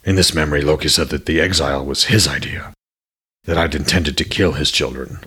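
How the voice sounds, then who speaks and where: A man voicing a wise, thoughtful old male uncle god who reasons in a measured way in a storybook. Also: rumbling low, bright, forceful tone, breathy edge, voice pushed down, exaggerated voice.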